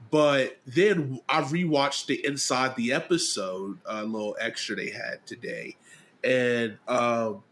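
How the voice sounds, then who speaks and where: A man hosts a podcast in casual chat. His voice is mid-pitched, and he rambles through a long recap full of fillers. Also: a bit bright. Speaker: podcast host.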